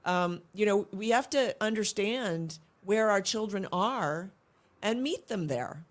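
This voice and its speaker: An earnest middle-aged woman talking as an interview guest, with a voice of ordinary middle pitch. She tells her stories reflectively and often breaks off and restarts a sentence. Her tone stays conversational and sincere. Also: lively intonation, takes it slowly. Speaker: guest, homeschooling mother. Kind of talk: casual interview chat.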